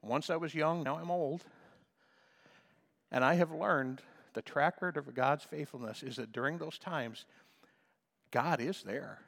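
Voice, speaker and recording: An older man preaching a sermon as a pastor, swinging between hushed talk and impassioned shouts. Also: fairly high pitch, measured pace, gravelly, pauses often, long reverb tail.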